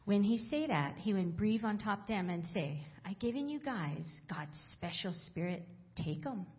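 A woman's voice: medium pitch, expressive, measured pace, highs cut off. A woman with a Hawaiian Pidgin accent reading scripture aloud verse by verse in church. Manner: reads aloud verse by verse, playful. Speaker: pastor's wife reading scripture.

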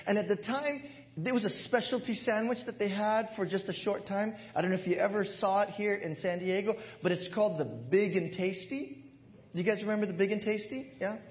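A male pastor telling a personal story in a sermon, animated and often laughing, recorded in a church with dull lo-fi sound. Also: sits high, fairly quick. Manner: animated, laughs through his stories.

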